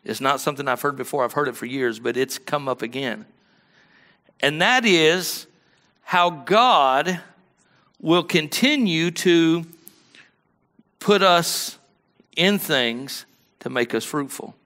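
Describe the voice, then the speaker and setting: A man preaching a sermon as pastor, telling folksy stories in a conversational way and rising to loud, animated peaks. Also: fairly high pitch, slow, pauses often.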